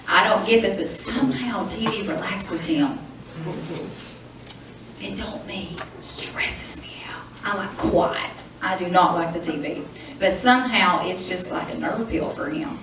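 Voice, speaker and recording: A woman's voice: medium pitch, fairly bright tone, slight background noise. Chatty church woman, echoey hall. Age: middle-aged. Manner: chatty, storytelling, laughs often, addresses the congregation as y'all. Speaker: pastor's wife teaching on marriage. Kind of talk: sermon. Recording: echoey hall, distant mic.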